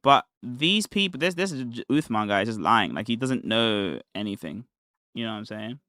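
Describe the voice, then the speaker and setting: A man's voice: mid-range voice, lively intonation, normal speed, pushed and bright, no room sound, studio quality. A man streaming live, commenting on a replay of his own debate in a casual, mocking, slang-heavy way and laughing often.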